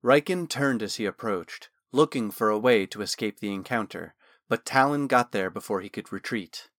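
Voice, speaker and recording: A man reading a fantasy novel aloud in steady, measured scripted narration. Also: fairly low pitch, dry recording, clean studio sound. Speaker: audiobook narrator.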